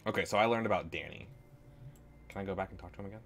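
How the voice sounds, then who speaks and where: A man's voice: sits low, racing, vocal fry, a bit bright. A man streaming a video game, thinking aloud in a hesitant way. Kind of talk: live game commentary.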